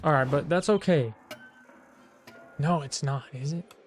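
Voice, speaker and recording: A man's voice: on the high side, measured pace, faint music behind. A man streaming a game, joking around in slangy, playful commentary. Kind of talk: gaming commentary.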